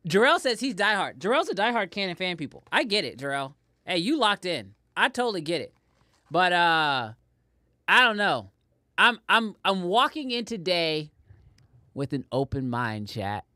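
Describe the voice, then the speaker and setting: A man hosting a casual livestream from his home editing room, talking straight to his chat, animated and repeating himself. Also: sits high, moderate pace, dry recording, studio quality. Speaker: livestream host.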